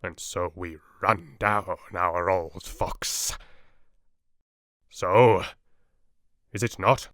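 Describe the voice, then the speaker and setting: A wise, patient old Dutch professor , as a male audiobook reader puts him on, lays out his reasoning in slow, deliberate, broken English. The voice sits a little low. It is recorded close and dry, with no room around it. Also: fairly even intonation, a bit bright, no echo, full character voice. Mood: urging. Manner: broken, foreign-sounding English phrasing, grave and measured. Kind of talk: audiobook character reading.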